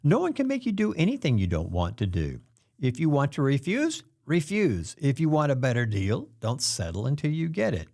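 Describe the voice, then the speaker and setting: A man hosts a self-help talk in a calm, explanatory way. His voice is mid-pitched but moves a lot, rising and falling freely. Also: a little fast, gravelly, few pauses. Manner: calm explanatory delivery, acts out quoted pressure lines. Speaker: host.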